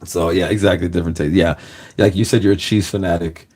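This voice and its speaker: A man's voice: deep voice, fairly even intonation, quick pace, darkish tone. A man from Los Angeles hosting a reaction video, chatting casually in a rambling way, packing his talk with fillers and laughing often. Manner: rambling, fills every phrase with "like", laughs often. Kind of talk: casual chat.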